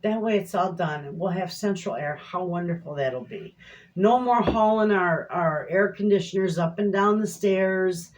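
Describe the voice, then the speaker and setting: A woman's voice: fairly low pitch, normal speed, darkish tone, slight background noise. A middle-aged woman chatting casually to viewers in her home kitchen, a rambling, folksy storyteller. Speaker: homestead cooking vlogger.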